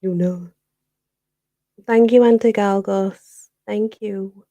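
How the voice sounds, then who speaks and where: Speaking slowly in a warm, steady, mid-range voice, a livestream host from Barnsley, Yorkshire, England, chats casually with viewers and answers their comments. She says "you know" constantly, and the recording is muffled.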